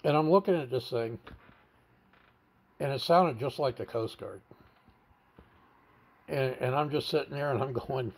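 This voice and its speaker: A man's voice: medium pitch, measured pace, long pauses, darkish tone. A man candidly telling a personal story in an interview, blunt and plain-spoken, stumbling over and repeating words as he goes. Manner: stammers and repeats words while recounting.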